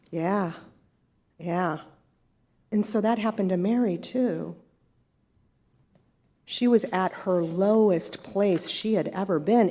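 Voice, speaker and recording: Slow gravelly woman preaching gently. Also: on the low side. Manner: conversational, reflective, asks the congregation questions. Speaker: spiritual leader. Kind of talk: sermon.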